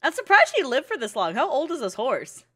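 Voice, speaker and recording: A young woman giving casual, excitable reaction commentary on an anime, swearing freely and laughing often. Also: sits high, a little fast.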